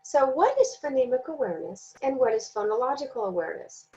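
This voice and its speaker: A woman giving a recorded training lesson, speaking slowly and deliberately and sounding out words syllable by syllable. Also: high voice, very animated, warm tone, highs cut off. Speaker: teacher trainer.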